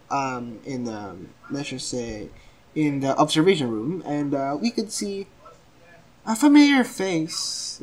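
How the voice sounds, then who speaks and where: A young man casually retelling a fan story, rambling and hesitant with many fillers, often apologizing. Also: fairly high pitch.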